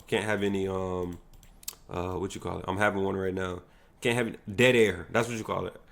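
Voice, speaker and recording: A man's voice: lowish voice, creaky, fairly bright tone. A young American man hosting a solo livestream podcast, talking casually in slangy, hyped, rambling bursts. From United States.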